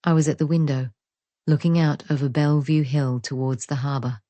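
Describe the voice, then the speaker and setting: Calm low-voiced woman reading an audiobook. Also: brisk, no room sound. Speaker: audiobook narrator. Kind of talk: first-person audiobook narration.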